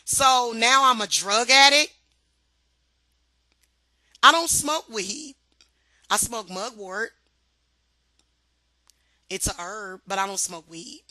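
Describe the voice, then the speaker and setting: Sharp-voiced woman ranting on her vlog. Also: fairly high pitch, slow pace, long pauses, dry recording. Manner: confrontational, profane and sarcastic; repeats herself for emphasis. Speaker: vlogger.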